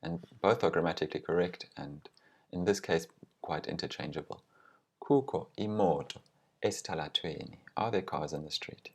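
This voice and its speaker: A man teaching language grammar, explaining with example phrases and pronouncing them slowly and carefully. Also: low-pitched.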